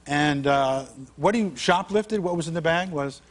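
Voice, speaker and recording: A man's voice: a little high, a little slow, slight background noise. Joking man telling stories on a talk show. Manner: joking storyteller who mimics other voices. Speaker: talk show guest, comedian and TV actor. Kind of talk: comic anecdote on a late-night talk show. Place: TV studio with a live audience. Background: studio audience.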